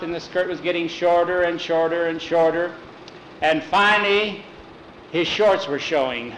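Folksy high-voiced male storyteller. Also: measured pace, fairly bright tone. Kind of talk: oral storytelling. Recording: roomy echo, faint noise.

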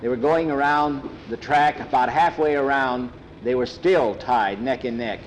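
A man telling a story aloud in a plain, unhurried, homespun way. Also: medium pitch, a little hiss or hum, rough recording. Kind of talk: oral storytelling.

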